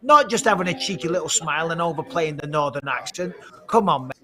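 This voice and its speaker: Male analyst from Britain, mock-pompous ribbing, sharp bright tone, remote video link. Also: on the high side, animated, fairly quick. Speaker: fight analyst. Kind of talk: teasing studio banter and fight analysis. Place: remote studio at home. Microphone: video call.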